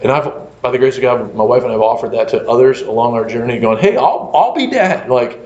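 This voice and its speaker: A man, a pastor, telling a story in a conversational lecture, animated and full of fillers like "like" and "you know". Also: mid-range voice, brisk. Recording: echoey room, dull lo-fi sound.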